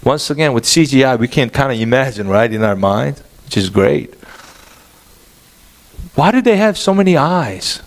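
Animated pastor preaching, man. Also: mid-range voice, moderate pace. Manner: animated, asks the congregation questions. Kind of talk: sermon.

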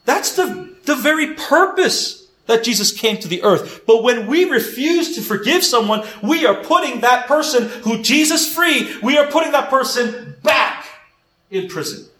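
A man's voice: very high voice, sing-song, measured pace, a bit bright. A man preaching a sermon, earnest and emphatic, retelling a story and repeating his key points. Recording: echoey room.

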